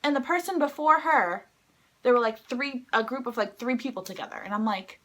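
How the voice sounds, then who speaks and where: A young woman vlogger telling an excited, rambling story to the camera, filling it with "like" and acting out quotes. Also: brisk. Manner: excited, rambling, heavy use of "like"; acts out quoted lines in a higher voice. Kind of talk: casual storytelling vlog.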